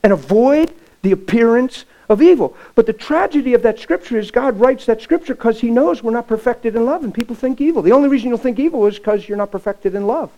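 A pastor preaching a sermon with stories, impassioned and folksy, swinging from loud to hushed. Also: male voice, very high-pitched, quick pace, hardly any pauses, muffled recording. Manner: folksy, plain-spoken. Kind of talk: sermon with storytelling.

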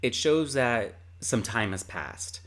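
Guy just chatting on a podcast, medium pitch, rambly and relaxed, lots of "like" and "you know". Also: takes it slowly. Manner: chatty, with frequent fillers. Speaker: podcast co-host. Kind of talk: casual chat, recapping a story.

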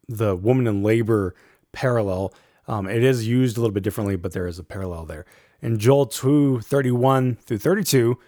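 A man giving a measured lecture on a Bible passage, reading verses aloud and adding an um or a "right?" now and then. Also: medium pitch, a little mellow, no echo, studio quality. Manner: measured, reads quotes aloud, fillers like um and right. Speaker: Bible teacher.

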